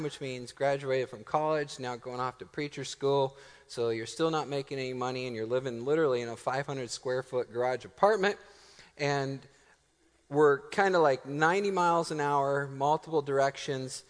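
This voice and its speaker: A male pastor preaching a sermon in a church, telling stories with a lively, self-deprecating delivery. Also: mid-range voice, big-room sound. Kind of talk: sermon storytelling. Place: church sanctuary.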